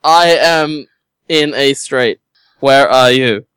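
A man voicing a stilted, literal-minded male adventurer who answers in flat, halting phrases. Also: mid-range voice, clear, resonant tone, no echo. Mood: stiff.

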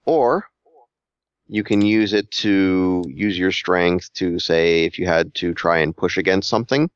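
A man's voice: sits low, clean tone, no room sound. A man running a tabletop game as game master, talking casually with frequent restarts and repeated words. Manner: halting, repeats words, searches for phrasing. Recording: dull, lo-fi sound.

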